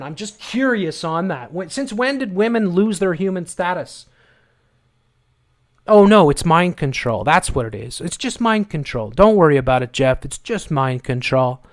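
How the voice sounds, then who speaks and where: A man's voice: on the high side, expressive, normal speed, dry recording, studio quality. A man hosting a live stream, ranting in angry, sarcastic, repetitive bursts of commentary. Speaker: livestream host.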